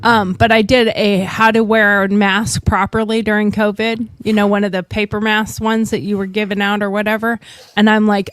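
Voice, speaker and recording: A woman's voice: medium pitch, flat delivery, moderate pace, no room sound. A woman telling stories in a blunt way as she chats with friends, swearing freely. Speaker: podcast host. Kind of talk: casual chat.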